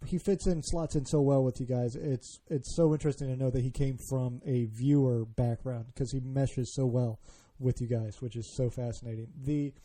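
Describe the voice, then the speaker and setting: A man hosting a podcast interview, talking in a relaxed, rambling way with stammered starts. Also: medium pitch, normal speed, hardly any pauses. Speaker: podcast host.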